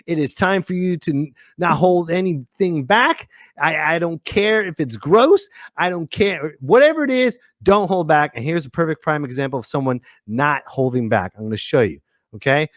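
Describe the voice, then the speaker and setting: This is an excitable podcast host on a comic rant, high-pitched and swinging widely up and down. He keeps tossing in "okay?" and sounds close and dry on the mic. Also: moderate pace, no echo. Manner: excitable, rants and repeats "okay?".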